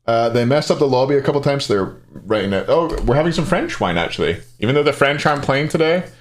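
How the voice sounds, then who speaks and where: A man's voice: mid-range voice, expressive, fast, slight background noise. Chatty man hosting a tournament stream. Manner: chatty, thinks aloud, answers chat. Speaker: esports tournament host. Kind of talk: casual live-stream chat.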